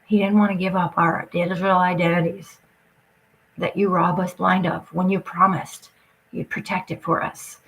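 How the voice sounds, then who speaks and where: A woman's voice: on the low side, level tone, normal speed, gravelly, a bit bright, slight background noise, low-quality recording. A woman talking straight to her audience in an agitated, rambling rant, swearing often and jumping from point to point.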